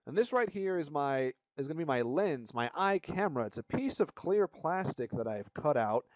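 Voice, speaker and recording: A man's voice: fairly high pitch, animated, moderate pace, no room sound. A man casually narrating his model kit build, joking around and swearing now and then. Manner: joking, swears, hollers playful asides. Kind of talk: casual hobby vlog narration.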